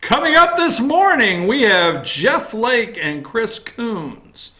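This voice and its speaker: A man's voice: very high voice, sing-song, slow, sharp tone. A man hosting a casual opinion talk show from his office, reading through news items with a wry, teasing manner. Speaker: host.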